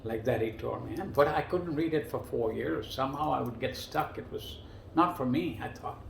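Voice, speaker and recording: A man casually telling personal stories as a guest, animated and climbing much higher in pitch when he quotes other people. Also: moderate pace, vocal fry, slight background noise. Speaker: guest storyteller. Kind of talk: casual spoken storytelling. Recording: roomy echo.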